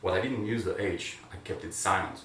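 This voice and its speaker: A male teacher guides his students through pronunciation drills, cheering them on as they repeat after him. His voice sits a little low. He sounds far from the mic in an echoey classroom with faint room noise behind him. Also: fairly quick, fairly bright tone. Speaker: Spanish teacher. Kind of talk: classroom language lesson.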